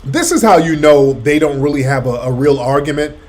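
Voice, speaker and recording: A man's voice: fairly high pitch, expressive, brisk, a little mellow. A man hosting a talk show, mocking and arguing back at a clip he plays. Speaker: radio host. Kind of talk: commentary over a played clip.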